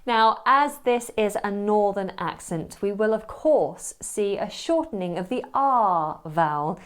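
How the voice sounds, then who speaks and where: A woman narrating an accent tutorial in a measured, explanatory way. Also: medium pitch, animated, clear, resonant tone.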